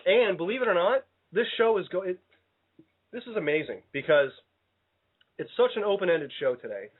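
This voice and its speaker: A man's voice: high-pitched, expressive, moderate pace. A man hosting a casual radio show, rambling and playful, often cutting himself off mid-sentence. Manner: rambling, self-interrupting, playful. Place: radio studio. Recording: tinny phone-like sound.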